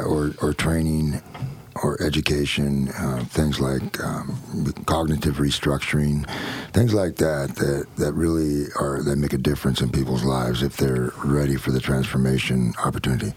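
A man hosting a podcast in casual chat, rambling and halting with many restarts. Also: rumbling low, breathy edge, no echo. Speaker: podcast host.

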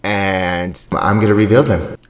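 A man co-hosting a comedy podcast, teasing in a dry, deadpan way. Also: low-pitched, a little slow. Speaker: podcast co-host.

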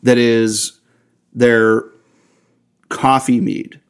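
A man chatting on a relaxed podcast in a mid-range voice of ordinary pitch. He jokes with his co-host and laughs easily. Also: extremely slow, smooth. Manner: joking, laughs often. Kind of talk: casual chat.

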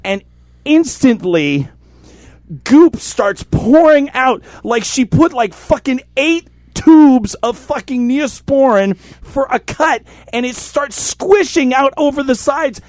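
A man with a notably high voice tells a story on a podcast, animated and full of swearing. His delivery is casual and lively. The recording is dry and close, with no room sound. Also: slow, no echo. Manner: animated, profane, acts out voices in quotes. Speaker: podcast host telling a story.

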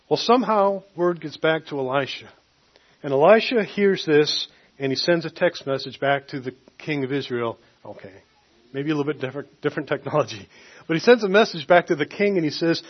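A man's voice: a little high, moderate pace. A man preaching a sermon, retelling a scripture story casually and acting out the quotes. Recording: dull lo-fi recording.

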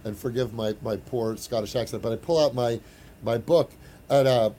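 A man in his forties, an actor telling an anecdote in casual chat, animated with frequent restarts. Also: mid-range voice, moderate pace. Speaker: actor and guest.

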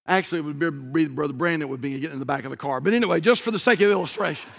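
A man, a pastor telling a folksy, animated story in a sermon. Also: on the high side, racing, gravelly.

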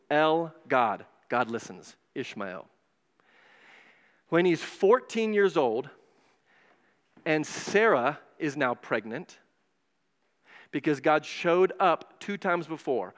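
A man preaching a casual, animated sermon in a church, retelling stories and acting out the voices with quick asides. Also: a little high. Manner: animated, digressive, acts out voices. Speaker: pastor. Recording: long hall reverb.

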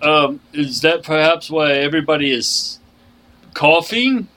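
A man voicing a cheeky, sharp-tongued traveling performer in a tabletop game, speaking slowly in a mock-courtly way. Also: fairly high pitch. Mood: wary. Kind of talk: tabletop role-play voicing.

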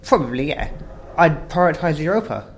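A man's voice: on the high side, sing-song, normal speed, creaky, slight background noise, low-quality recording. A man from England chatting casually about football as a co-host, hesitant, with frequent restarts. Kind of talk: casual chat.

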